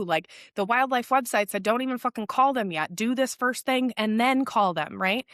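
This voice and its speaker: A woman's voice: a little high, moderate pace, hardly any pauses, fairly bright tone, no room sound, studio quality. A woman hosting a solo podcast, talking bluntly and candidly, swearing freely and telling stories. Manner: blunt, frequent swearing, storytelling; quotes others in acted voices. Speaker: podcast host.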